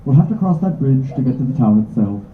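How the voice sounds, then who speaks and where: A man voicing a brisk female captain with an Irish accent, reading a storybook aloud. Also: medium pitch, big pitch swings, a little hiss or hum, natural voice. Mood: urgent. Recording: echoey tinny room recording.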